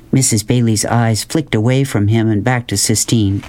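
A man narrating a children's novel in calm, measured storytelling. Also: on the low side. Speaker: audiobook narrator. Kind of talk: scripted narration.

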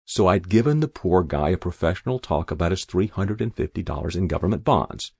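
A man's voice: deep voice, creaky, darkish tone, husky, no echo. A man reading a first-person story aloud in a dry narrator's voice. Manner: dry first-person narration, voicing each figure lightly.

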